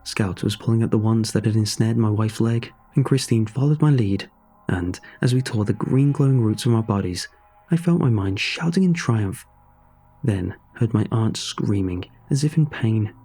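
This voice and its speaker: A man reading a first-person horror story in a measured, dramatic storytelling manner. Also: lowish voice, mellow, husky, faint music behind.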